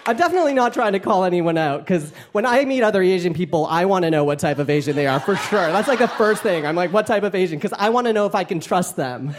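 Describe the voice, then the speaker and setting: A man's voice: sits high, animated, fast, few pauses. A man performing a stand-up comedy set on stage, self-mocking and playful, often laughing through his lines. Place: comedy club stage before a live audience. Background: audience laughter and room noise.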